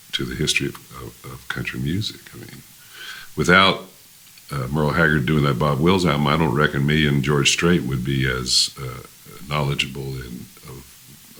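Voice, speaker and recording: A man's voice: a bass voice, sharp tone. An older man, a musician guest, telling rambling stories in a casual interview, with many fillers and restarts.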